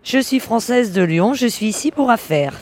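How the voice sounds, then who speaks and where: A woman voicing a brisk, guarded French journalist in a scripted language-lesson dialogue. She runs her words together and leans on the final syllables in a southern French accent, with a fairly high voice. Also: expressive, darkish tone, no echo, clean studio sound.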